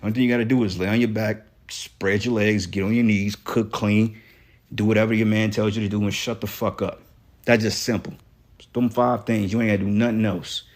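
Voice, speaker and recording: Blunt, profane, lower-voiced man. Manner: blunt and profane, with frequent "okay" and "man" tags; reads scripture slowly and deliberately, stressing single words. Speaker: scripture teacher. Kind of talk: reading scripture aloud with heated commentary.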